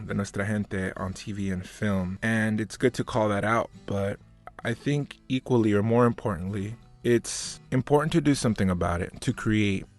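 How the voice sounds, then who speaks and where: A man co-hosting a podcast, talking earnestly and candidly with some light joking. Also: fairly low pitch. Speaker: podcast co-host. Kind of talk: casual podcast introduction. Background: faint guitar music.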